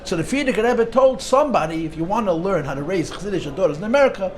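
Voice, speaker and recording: With a high voice and fast delivery, this man teaches a casual Torah class as a rabbi. He's a lively storyteller who frequently restarts phrases and mixes in Yiddish and Hebrew words.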